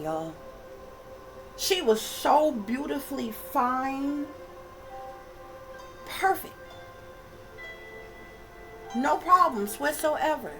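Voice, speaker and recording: A woman with a fairly high voice rants straight to her viewers, swearing freely and hammering her points with repetition. She keeps turning to her audience as y'all. Faint music plays behind her. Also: sharp tone, low-quality recording. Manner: profane, emphatic, repetitive, addresses viewers as y'all. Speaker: channel host and psychic reader. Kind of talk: casual rant to camera.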